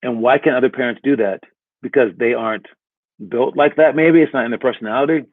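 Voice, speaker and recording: A man's voice: mid-range voice, brisk, no echo. A man giving a casual motivational talk as a coach, rambling and asking "all right?" again and again. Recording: tinny phone-like audio.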